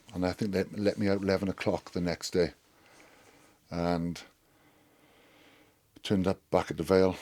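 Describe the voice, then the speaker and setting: A middle-aged man telling a rowdy, sweary anecdote as a podcast guest. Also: sits low. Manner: animated, sweary storyteller. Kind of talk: storytelling anecdote.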